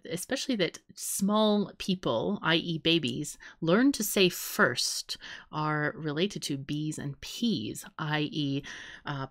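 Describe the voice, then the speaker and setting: A woman's voice: low voice, no room sound, studio quality. A woman co-hosting a podcast in playful casual chat, rambling through guesses and laughing often. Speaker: podcast co-host.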